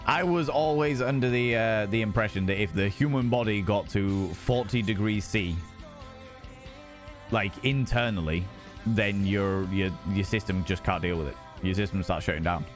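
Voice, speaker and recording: A man's voice: on the low side, moderate pace, faint music behind. A young man streaming live, chatting with viewers in a playful, sweary way and greeting them by name. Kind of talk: casual live-stream chat.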